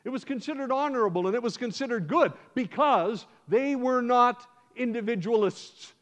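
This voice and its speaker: An American man, a guest preacher, telling a sermon as a lively first-person story. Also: very high-pitched, moderate pace. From United States. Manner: animated, acts out scenes in first person. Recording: dull lo-fi sound.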